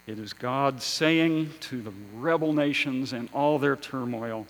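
A man preaching a sermon as pastor, slow and measured, building to loud emphasis and then dropping to a hush. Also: medium pitch, rough recording.

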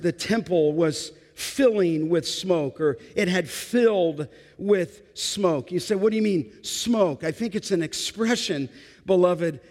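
A man's voice: high-pitched, in a large hall. A man pastor preaching a sermon, building emphasis through repetition.

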